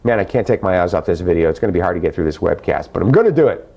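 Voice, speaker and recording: Chummy middle-aged man with a lowish voice. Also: expressive, rapid-fire, gravelly, warm tone, lo-fi sound. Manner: chummy, calls viewers guys and man; effusive, repeats words for emphasis. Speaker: webcast host answering viewer questions. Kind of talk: live webcast chat.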